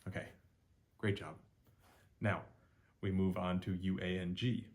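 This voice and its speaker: A man's voice: little pitch movement, a little slow, darkish tone. A man teaching Mandarin pronunciation in a friendly spoken lesson, drilling vowel sounds and encouraging the learner. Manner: encouraging, repeats sounds with rising pitch, praises learner.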